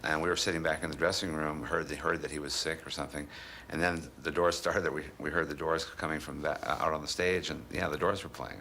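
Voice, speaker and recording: A man's voice: rumbling low, steady tone, fast, pushed and bright, slight background noise. A man recalling a past show in a casual, meandering way. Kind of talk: casual anecdote.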